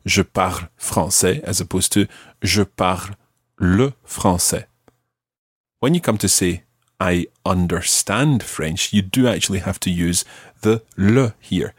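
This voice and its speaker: A man hosting a podcast language lesson, patiently prompting a learner and slowing down for example phrases. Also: sits low, slightly rough, no echo, clean studio sound. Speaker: language teacher and podcast host.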